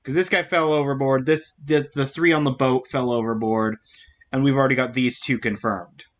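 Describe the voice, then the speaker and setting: Male streamer, mid pitch, slightly dull mic; muses aloud, hums while he thinks, let's-play commentary. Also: steady tone, normal speed.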